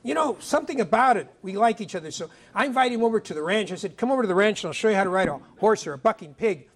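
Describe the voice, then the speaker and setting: High, animated middle-aged man storyteller. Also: very fast, slightly rough. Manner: animated, emphatic, acts out dialogue. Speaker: author speaking at a school. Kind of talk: motivational storytelling talk. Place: middle school assembly.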